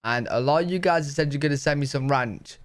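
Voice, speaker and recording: Man, chatty reaction host, excitable, a bit higher voice. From Britain. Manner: chatty, excitable, asks quick questions. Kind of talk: casual reaction commentary.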